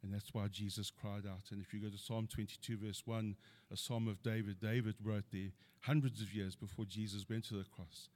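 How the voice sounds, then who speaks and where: A man's voice: fairly low pitch, level tone, fairly quick, a little mellow. A middle-aged man preaching a sermon, earnestly quoting scripture and building to emphatic points.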